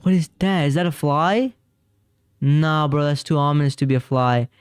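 Talking to his chat while he plays, this young streamer rambles and jumps, and fear makes him say the same things over and over. He has a fairly high, clean voice at a moderate pace. It's recorded dry and close with no echo, and game music plays faintly.

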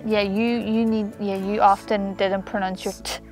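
A woman's voice: mid-range voice, level tone, darkish tone, faint music behind. A young woman with a strong Northern Irish accent, co-hosting a casual chat and chiming in eagerly. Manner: bubbly, quick to agree and chime in. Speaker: co-host.

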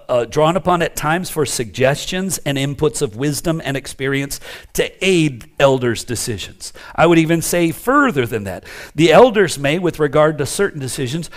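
A pastor leads his congregation through a teaching sermon, his voice sitting a little higher than most men's. He is emphatic but conversational, and he often turns aside to check in with his listeners.

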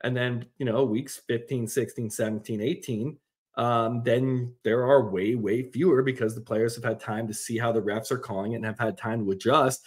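Male co-host, casual sports chat, mid pitch, loose and animated. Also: moderate pace, slightly rough. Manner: animated, rambling with fillers. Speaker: podcast co-host.

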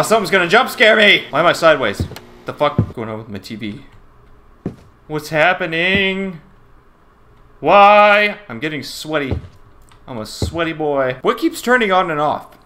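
A man's voice: a little high, lively intonation, moderate pace, long pauses, bright, forceful tone, a little hiss or hum. A man giving running commentary on a horror game while he plays, jumpy and swearing, talking to himself as he goes. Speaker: gamer.

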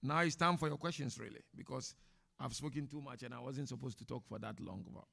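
A man, a sheikh, giving a chatty, animated religious talk to an audience in a mosque and taking their questions. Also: mid-range voice, brisk, creaky. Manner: animated, chatty teacher with laughs and asides. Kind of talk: informal religious lecture with Q&A. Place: mosque hall before an audience.

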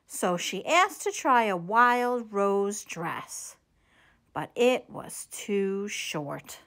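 A woman reading a children's picture book aloud, telling the story in an animated, expressive way. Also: medium pitch, drawn-out words. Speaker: storytime reader.

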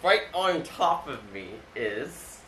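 Deadpan male podcast host, bright tone. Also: slow pace. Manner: deadpan, low-key. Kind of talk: casual chat. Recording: roomy studio with faint noise.

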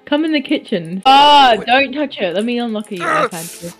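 A woman's voice: on the high side, lively intonation, moderate pace, over music. A young woman playing a game with a friend, rambling with many fillers and laughing a lot. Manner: giggly, rambling, lots of filler words. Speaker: gamer, guest co-player. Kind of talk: casual gaming chat.

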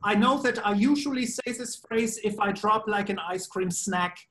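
A man with a German accent, answering interview questions in a playful, jokey way with deadpan asides. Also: sits high, normal speed. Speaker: voice actor being interviewed. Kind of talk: casual video-call interview.

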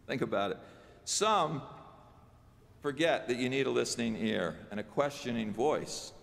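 Male pastor, sermon, chatty asides to the pews, gravelly, long church echo. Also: mid-range voice, lively intonation, measured pace. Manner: conversational preaching with asides to the congregation. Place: church sanctuary.

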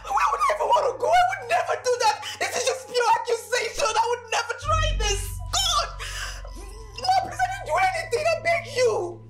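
An actress playing a young Nigerian house cook who pleads and sobs, stammering, with a Nigerian accent. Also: female voice, extremely high pitch, animated, normal speed, a bit bright, soft background music. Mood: sobbing. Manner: sobbing, stammering pleas.

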